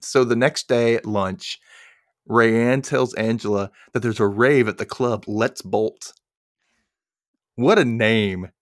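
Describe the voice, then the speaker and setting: A man hosting a casual podcast chat, recapping a TV episode and acting out the characters' lines in quick impressions. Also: medium pitch, dry recording, studio quality. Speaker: podcast host.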